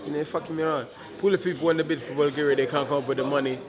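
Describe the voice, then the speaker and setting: A man's voice: on the high side, steady tone, very fast, crowd noise. A man, a heavyweight boxer in a casual press interview, talking defiantly and repeating himself, stumbling over words.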